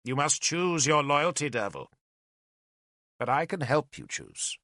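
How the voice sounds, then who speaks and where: An imperious old druid, as a man reading the book puts him on, stern and scornful. He snaps and sneers in an audiobook reading, with a bright, lively voice recorded close and dry. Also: a little high, unhurried, no echo, voice pushed up, full character voice. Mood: commanding. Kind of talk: audiobook character voice.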